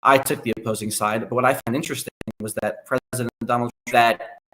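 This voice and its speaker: A man speaking as a guest analyst on a podcast, explaining at length in a measured way. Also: mid-range voice, fairly even intonation, fairly bright tone, slight background noise, poor audio. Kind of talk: conversational podcast interview.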